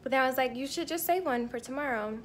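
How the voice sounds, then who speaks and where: A woman's voice: sits high, fast talker, a little hiss or hum. A woman vlogging her trip, talking casually to the camera and tasting food as she goes. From not from Hawaii. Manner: chatty and candid, tasting food between remarks. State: irritated and tired. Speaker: travel vlogger. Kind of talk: casual vlog talk to camera. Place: indoors, hotel room and on the go.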